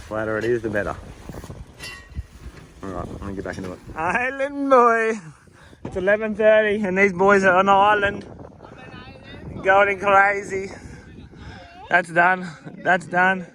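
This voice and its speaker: Joking concreter on a noisy site. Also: male voice, on the low side. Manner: joking, banters with workers, swears freely. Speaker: concreter filming his crew. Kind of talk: casual on-site vlog chat. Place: outdoors on a building site. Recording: handheld camera outdoors with noisy background. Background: site machinery and outdoor noise.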